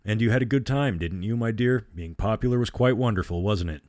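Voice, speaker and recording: A man voicing a sinister old male vampire who speaks in a slow, silky, drooling murmur. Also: on the low side, darkish tone, no room sound, clean studio sound, lightly acted. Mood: gloating.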